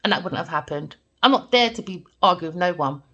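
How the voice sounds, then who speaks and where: A woman with a Jamaican family background, a tarot reader telling stories and giving a reading in an animated, emphatic way. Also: on the low side, fast talker, highs cut off. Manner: animated, emphatic, repeats points with "all right?". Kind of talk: casual storytelling and tarot reading.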